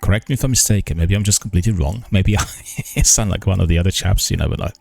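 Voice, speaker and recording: Slow, halting older man, low voice. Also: gravelly, darkish tone, dry recording. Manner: slow, halting, many ums and restarts; careful, formal enunciation. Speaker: gaming news streamer. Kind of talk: casual live-stream chat.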